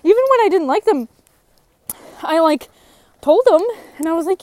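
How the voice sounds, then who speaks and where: Young woman, high voice, candid personal testimony that turns heated when she is frustrated. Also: animated, moderate pace, long pauses, darkish tone, no room sound. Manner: emotional and frank, voice rising when frustrated. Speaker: person in recovery sharing her story.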